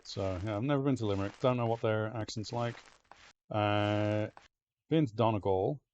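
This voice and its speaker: A man's voice: lowish voice, moderate pace, darkish tone, lo-fi sound, slight background noise. A man with an Ulster Scots accent giving casual let's-play commentary, chatty and muttering to himself, now and then swearing. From Northern Ireland. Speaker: game streamer.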